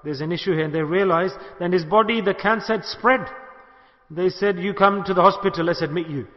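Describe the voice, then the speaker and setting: A high-pitched middle-aged man from the UK preaches a sermon, acting out quoted lines and urging his listeners on. His voice trails off in a long hall reverb, and the recording sounds dull and lo-fi. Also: fairly quick. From United Kingdom. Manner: storytelling, acts out quoted speech, exhorting. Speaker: Sufi sheikh giving a talk.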